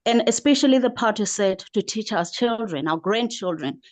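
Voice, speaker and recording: Casting: older woman, mid-pitched, dry sound, gushing with gratitude. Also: lively intonation, moderate pace, no echo. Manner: effusive, thankful, repeats herself. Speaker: book club member. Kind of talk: online book club chat.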